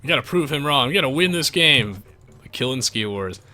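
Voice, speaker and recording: A man's voice: mid-range voice, fairly quick. A man live-streaming a strategy game, chatting to viewers and reading their messages. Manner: animated, chatty, jumps between game and viewers. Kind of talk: live gameplay commentary, reading chat.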